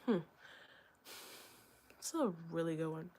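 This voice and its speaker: A young woman talking through her thoughts in a candid solo vlog. Her voice sits a little low, and she rambles gently with lots of fillers and small laughs. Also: expressive, slow, a little hiss or hum. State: hiccups. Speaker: vlogger. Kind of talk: reflective solo vlog talk.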